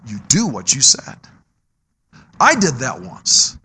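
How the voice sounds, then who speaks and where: A middle-aged man preaching a sermon, moving between loud, emphatic exhortation and low, quiet storytelling. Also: huge pitch swings, slow pace, slight background noise.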